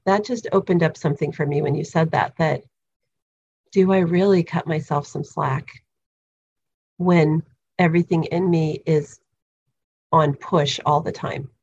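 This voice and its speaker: Husky, deep-voiced woman on a dull line. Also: steady tone, unhurried, long pauses, a little mellow. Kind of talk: reflective conversational podcast talk.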